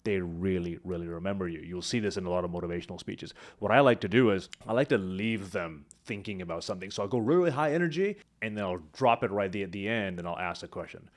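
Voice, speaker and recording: A man teaching public speaking, talking to camera with lively swings between high energy and quiet, hushed moments. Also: quick pace, hardly any pauses. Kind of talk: instructional talk to camera.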